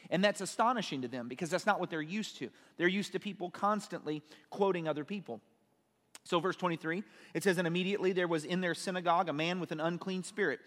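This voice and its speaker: A man's voice: high-pitched, quick pace, a bit bright, in a large hall. A man teaching a sermon, reading scripture aloud and explaining it with questions to his listeners. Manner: explains and asks questions, reads verses aloud. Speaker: preacher.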